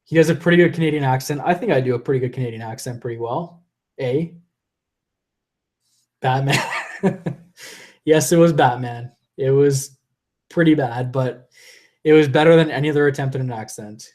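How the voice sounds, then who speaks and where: A man's voice: medium pitch, a little fast, a little mellow. A young man hosting a live stream and reading viewer comments aloud. He rambles, restarts his sentences, laughs often, and is losing his voice. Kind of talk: casual live-stream chat.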